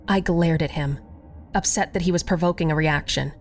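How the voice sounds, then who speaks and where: A woman narrating a first-person horror story in an expressive, scripted reading. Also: low voice, normal speed, faint music behind.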